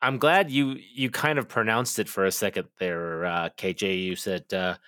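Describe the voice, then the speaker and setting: A man's voice: fairly low pitch, fairly even intonation, normal speed, pushed and bright, no echo, studio quality. A man co-hosting a podcast, easygoing and self-mocking as he introduces a segment. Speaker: podcast co-host. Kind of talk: casual podcast chat.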